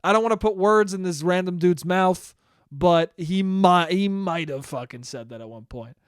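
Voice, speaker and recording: High-voiced young man ranting profanely. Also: moderate pace, smooth, no room sound, clean studio sound. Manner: profane, rambling, sarcastic. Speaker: podcast host. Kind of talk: casual solo podcast monologue.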